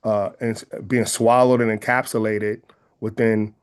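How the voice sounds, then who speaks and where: Speaking low and flat with a clean tone, a Bay Area guest with the local accent reflects in an interview. He is earnest and measured, and he keeps rephrasing what he means.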